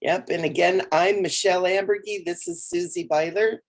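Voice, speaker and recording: A woman with a low-pitched voice co-hosts a spiritual livestream from home. She talks in a relaxed, rambling, playful way and sounds a little tired. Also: moderate pace. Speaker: co-host. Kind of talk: casual spiritual chat on a livestream.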